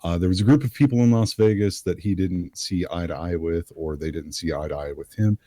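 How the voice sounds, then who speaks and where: A man calling into a live stream, speaking calmly in a deep, unhurried narrator-like voice. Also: no room sound. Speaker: caller. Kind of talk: casual call-in chat.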